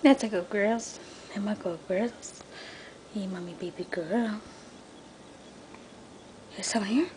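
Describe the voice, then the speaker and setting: A woman filming her cat at home on a handheld camera, cooing baby talk and sometimes dropping into soft whispers. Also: medium pitch, takes it slowly, pauses often, slight background noise. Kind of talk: casual home video. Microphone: handheld camera she is filming with.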